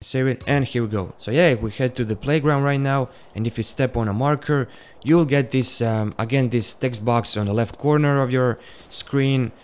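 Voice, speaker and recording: A young man narrating a casual, unscripted gameplay tutorial, with a relaxed delivery and some stumbles. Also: mid-range voice, normal speed, smooth. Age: young adult. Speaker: gaming channel host.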